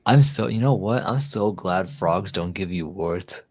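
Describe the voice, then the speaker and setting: A man's voice: sits low, a little slow, darkish tone. A man hosting a livestream in casual chat, tipsy, rambling and joking, laughing often. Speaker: livestream host.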